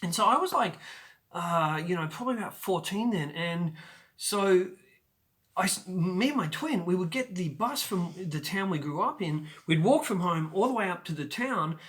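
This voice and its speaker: A man in his forties hosting his own show, telling a personal story in a chatty, animated way with sudden loud bursts. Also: high voice, normal speed. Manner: animated, acts out scenes with sudden loud outbursts; chatty with frequent fillers and restarts. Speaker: show host.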